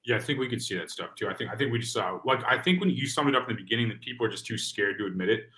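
A man's voice: mid-range voice, lively intonation, rapid-fire, bright, forceful tone. A man hosting a podcast interview in casual chat, eager and chatty. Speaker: podcast host.

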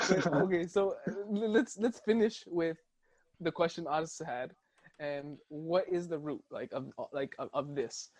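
A man's voice: a little high, a little slow. A man co-hosting a casual podcast, talking in rambling bursts with lots of restarts. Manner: rambling, many restarts, laughs at own jokes. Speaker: podcast co-host.

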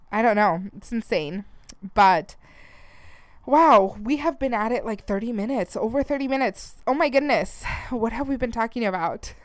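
Chatty woman podcast host, smooth voice. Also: fairly high pitch, no room sound. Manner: chatty, animated, laughs often. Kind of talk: casual chat.

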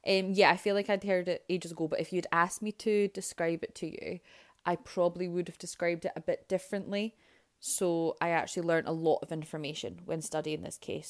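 A woman's voice: on the low side, vocal fry. Chatty woman hosting a podcast. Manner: chatty, with asides and self-corrections. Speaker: podcast host. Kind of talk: casual true-crime storytelling.

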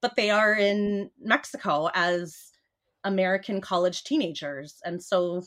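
A woman's voice: medium pitch, unhurried, a bit bright. Woman, author guest, casual podcast chat, chatty, filler-heavy. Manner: chatty, filler-heavy, laughs through sentences.

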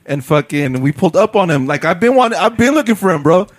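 A man's voice: high voice, expressive, fast talker, no room sound. A man telling a story in a casual, slangy chat, swearing and laughing often.

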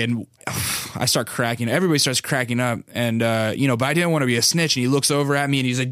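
A man's voice: medium pitch, fast talker, fairly bright tone, no room sound. A man in his thirties hosting a podcast, telling a rambling, profane story in a casual chat style, with lots of fillers, on a close mic. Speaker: podcast host.

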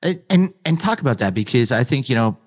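A man's voice: mid-range voice, animated, brisk, big-room sound. A man hosting a conversational interview, affirming his guest with frequent "wow" and "you know". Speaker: interview host.

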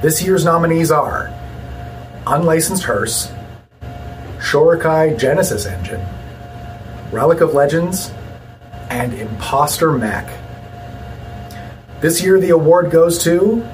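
A man reading out award nominees and the winner in a plain, measured delivery. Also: a little high, expressive. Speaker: award presenter. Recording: distant mic with faint room hum.

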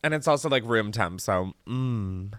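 A man hosting a podcast in casual chat, animated and chatty, swearing freely and laughing often. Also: fairly low pitch, measured pace, slight background noise. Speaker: podcast host. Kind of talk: casual chat, candy taste test.

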